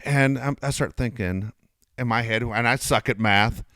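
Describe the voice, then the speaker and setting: A middle-aged man co-hosting a casual chat show, telling a story animatedly, swearing freely and loudly acting out his own outbursts. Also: medium pitch, moderate pace, dry recording, studio quality. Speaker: podcast co-host.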